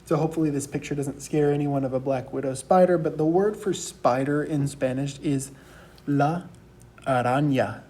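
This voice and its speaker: A male teacher narrating a recorded class lecture, slowly repeating each sound so students can follow along. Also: a little high, fairly even intonation, dark tone, a little hiss or hum. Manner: slow, patient letter-by-letter drilling with repetition.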